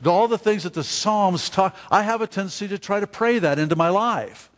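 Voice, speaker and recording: Halting preacher man in a reverberant hall. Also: high voice. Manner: halting, many fillers and restarts, asks the congregation questions. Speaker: pastor. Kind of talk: sermon.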